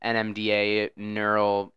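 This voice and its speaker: A man's voice: on the low side, a little slow, smooth, dry recording, muffled recording. A man co-hosting a podcast, talking in playful casual chat full of jokes. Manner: playful, joking, very lively intonation. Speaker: podcast co-host.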